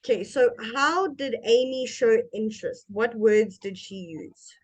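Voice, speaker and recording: A woman teaching English one-on-one, speaking patiently and modeling intonation for her student. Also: fairly high pitch. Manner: slow, patient, demonstrates intonation. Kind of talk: one-on-one language lesson.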